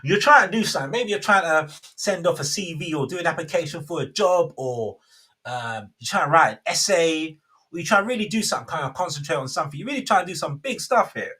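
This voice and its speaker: A man's voice: fairly high pitch, lively intonation, quick pace, pushed and bright, breathy edge. A man, hosting a casual faith talk and rambling with many self-interruptions. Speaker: host.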